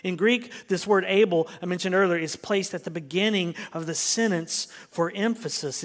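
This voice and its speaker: A man preaching a sermon as pastor, swinging from hushed, near-whispered lines to loud, emphatic ones. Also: high-pitched, normal speed, hardly any pauses. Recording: long hall reverb.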